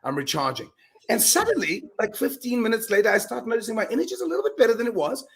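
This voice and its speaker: A man talking as a guest in a casual interview, telling animated stories and acting out his own self-talk, often restarting words. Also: extremely high pitch, rapid-fire, gravelly. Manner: animated storyteller, repeats words when restarting. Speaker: podcast guest, mindset coach.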